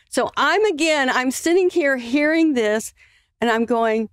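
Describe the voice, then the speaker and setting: A woman guest on a podcast, earnestly telling a personal story in a halting way with many fillers. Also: high voice, animated, clear, resonant tone, no room sound, clean studio sound.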